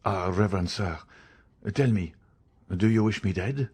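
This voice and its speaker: A man's voice: lowish voice, a little slow, a little mellow, husky. A man reading an audiobook, voicing a cowardly, fearful thief who pleads and stammers. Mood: fearful pleading.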